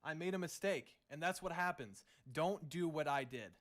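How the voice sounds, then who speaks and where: Halting, defensive young man. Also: fairly high pitch, a bit bright. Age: young adult. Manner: halting, defensive, many restarts. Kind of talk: apology video statement.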